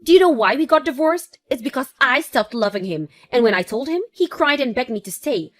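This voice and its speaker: Woman reading as selfish mother, mocking, smug, fairly high voice, story narration. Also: expressive, fairly quick, dry recording. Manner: mocking, self-satisfied. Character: cruel selfish divorced mother, vain and scornful. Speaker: ex-wife. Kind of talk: text-message story narration.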